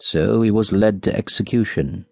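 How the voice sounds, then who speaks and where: A man narrating a fairy tale for an audiobook with an expressive storytelling delivery. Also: lowish voice, normal speed, vocal fry, no room sound.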